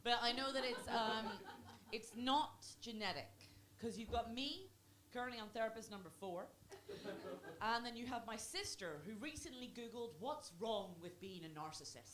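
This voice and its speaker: A woman's voice: on the high side, normal speed. Woman doing dry stand-up. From Ireland. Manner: dry, self-mocking, chatty with the crowd. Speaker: stand-up comedian. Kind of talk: stand-up set. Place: comedy club before a live audience. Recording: live club recording with audible noise.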